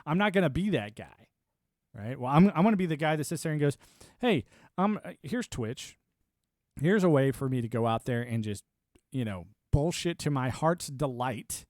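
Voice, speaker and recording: A man's voice: medium pitch, expressive, brisk, darkish tone, dry recording, clean studio sound. A middle-aged man streaming from home, ranting in a blunt, profane, rambling way and jumping between topics. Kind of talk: political rant on a livestream.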